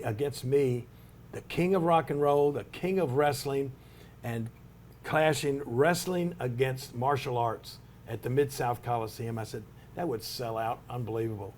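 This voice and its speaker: An older man, a retired wrestler, spins a long anecdote in an interview, full of restarts and asides. His mid-range voice has a darkish tone, with a little hiss or hum in the audio.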